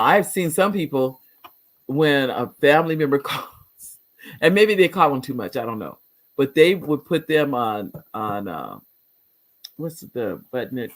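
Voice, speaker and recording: A middle-aged woman hosting a casual live talk show, chatty and rambling as she reads viewer comments, laughing often. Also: a bass voice.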